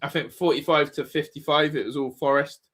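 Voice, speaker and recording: A man hosting a live football watch-along, reacting loudly, swearing and shouting advice at the players. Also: fairly high pitch, steady tone, a little fast. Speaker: fan watch-along host.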